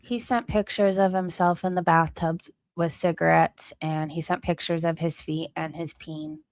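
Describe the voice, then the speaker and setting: A woman's voice: on the low side, steady tone, moderate pace, darkish tone. A woman hosting a gossip reaction stream, tossing in snarky, mocking comments over a clip. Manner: snarky, mocking, dry asides.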